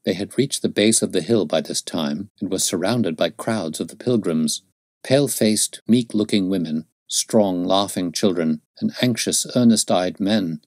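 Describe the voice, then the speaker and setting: A man narrating a classic novel as an audiobook, in steady, measured storytelling. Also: sits low, no echo, studio quality.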